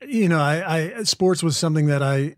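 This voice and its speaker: A man's voice: fairly high pitch, animated, normal speed, no echo, studio quality. A man in his forties from the American Midwest, an actor being interviewed, talking thoughtfully with restarts and asides. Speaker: actor guest. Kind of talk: interview conversation.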